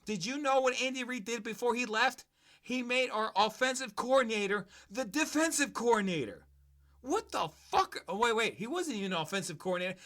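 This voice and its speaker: Bright, cutting and expressive, a sports podcast host's voice sits high in his range and runs a little fast. His casual chat keeps breaking into mocking tangents full of profanity.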